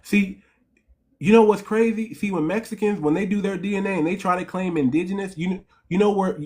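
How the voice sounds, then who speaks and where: A man holds forth in a casual livestream talk, emphatic and preachy. He stumbles into strings of repeated words before landing his point, in a voice pitched a little high for a man. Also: fairly quick, a little mellow. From United States. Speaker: host.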